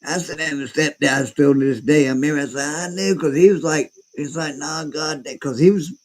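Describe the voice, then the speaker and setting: Guy rambling through a story, cussing a lot, loud when he acts out what people said. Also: fairly high pitch, fast, rough recording. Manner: rambling, profane, acts out quotes loudly. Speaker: podcast host. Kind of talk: casual storytelling chat.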